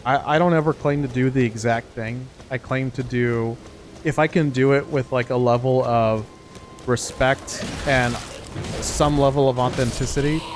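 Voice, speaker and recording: A man's voice: medium pitch, steady tone, normal speed, a little hiss or hum, poor audio. A young man chatting over a video game, telling rambling stories with stammers and laughs. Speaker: co-host of a gaming channel. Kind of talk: casual gameplay commentary chat.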